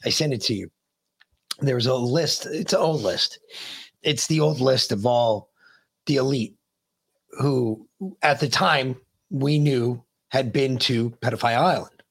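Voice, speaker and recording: A man co-hosting a podcast, telling stories in a profane, animated way. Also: medium pitch, measured pace, vocal fry, pauses often, husky. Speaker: podcast co-host. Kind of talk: casual chat.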